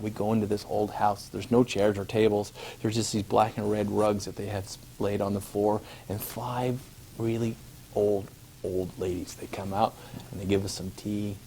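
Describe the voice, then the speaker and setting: A man telling a personal travel story to an audience, animated and acting out scenes, laughing at his own tale. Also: on the low side, slight background noise.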